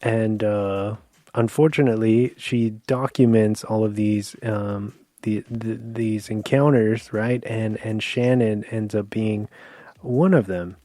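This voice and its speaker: A man's voice: fairly low pitch, steady tone, takes it slowly, warm tone, no echo, studio quality. A man co-hosting a podcast, rambling through a casual film review and searching for words as he goes. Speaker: podcast co-host.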